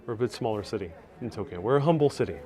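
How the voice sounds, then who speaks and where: A man's voice: fairly low pitch, animated, racing, warm tone. Chatty New man live-streaming. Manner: chatty, reads viewer comments aloud. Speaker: live-stream tour guide. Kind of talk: casual live-stream narration. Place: observation deck high in a skyscraper. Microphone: wireless clip-on mic with phone on gimbal.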